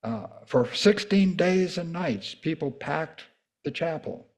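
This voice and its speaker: A man preaching a sermon as pastor, slow and deliberate, lifting his voice high and loud when reading scripture. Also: lively intonation. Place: church in the Pacific Northwest.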